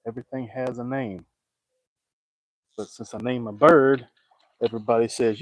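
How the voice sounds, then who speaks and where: A man's voice: mid-range voice, steady tone, normal speed, long pauses, no room sound, low-quality recording. Guy fishing outside, folksy and jokey, chatting back at comments, dry sound. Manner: folksy, joking, talks back to viewer comments. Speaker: fishing vlogger. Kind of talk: casual chat to camera. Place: outdoors by the water, fishing.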